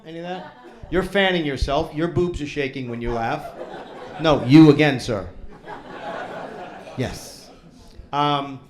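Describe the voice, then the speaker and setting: A man from New England doing a stand-up comedy set on a club stage, riffing with the audience. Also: a little high. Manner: animated, jokey, riffing with the crowd.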